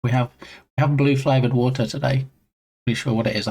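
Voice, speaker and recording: A man's voice: medium pitch, steady tone, brisk, darkish tone. Chatty self-deprecating male streamer. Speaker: streamer and game developer. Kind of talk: casual live-stream chat.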